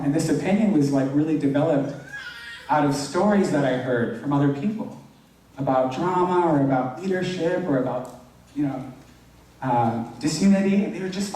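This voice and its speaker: A man's voice: a little high, dark tone. A young man, a youth pastor, giving an informal, earnest sermon, filling his talk with "like". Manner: casual, earnest, heavy use of "like". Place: church hall. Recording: very echoey hall, distant mic.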